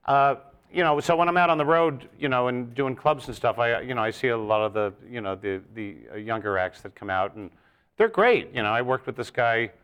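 A man, a comedian, telling stories in a casual podcast chat and bursting into loud, high crowd impressions. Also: fairly quick, clear, resonant tone, dull audio. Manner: animated storyteller, jumps into loud high-pitched crowd impressions. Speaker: comedian guest.

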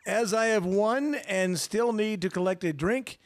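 Higher-voiced male co-host, dry sound. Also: a little slow, no room sound. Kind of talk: casual chat, reading viewer emails.

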